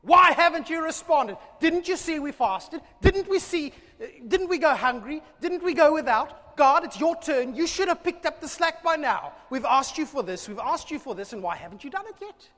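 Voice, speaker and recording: A man voicing whiny, self-righteous worshippers who shout and plead at God during a sermon. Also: extremely high pitch, expressive, normal speed, hardly any pauses, long reverb tail, pitched above the performer's own voice. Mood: indignant.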